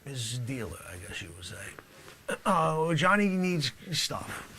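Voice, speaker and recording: A man's voice: mid-range voice, very animated, slow pace, sharp tone, slight background noise, pitched below the performer's own voice, full character voice. A man voicing a sleazy, tough-talking middle-aged male drug dealer in a comedic mock courtroom sketch, boastful and brash.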